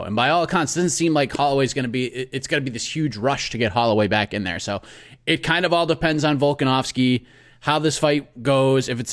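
A man from Boston with a Boston accent, hosting a casual MMA talk show, animated and excitable, with pitch leaping on stressed points. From Boston, USA.

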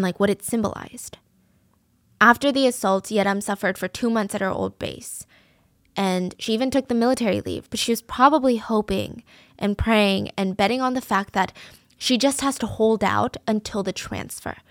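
A woman recounts a true crime case in a relaxed, conversational storytelling voice. She sits a little above the usual pitch and sounds earnest and emotionally invested. The sound is close and dry, with no room around it. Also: no room sound.

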